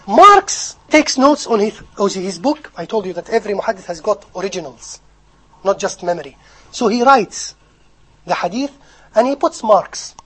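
A man preaching a sermon, animated, swinging from loud emphasis to soft asides and acting out quoted speech. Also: high voice, moderate pace, breathy edge, poor audio. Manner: acts out quoted speech and recites in Arabic. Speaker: Islamic preacher. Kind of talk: sermon on hadith scholars.

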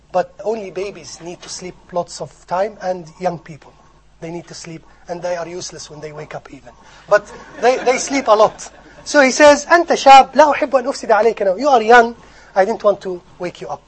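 A man preaching a sermon, animated, swinging from loud emphasis to soft asides and acting out quoted speech. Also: fairly high pitch, slight background noise, low-quality recording. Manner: acts out quoted speech and recites in Arabic. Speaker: Islamic preacher. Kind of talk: sermon on hadith scholars.

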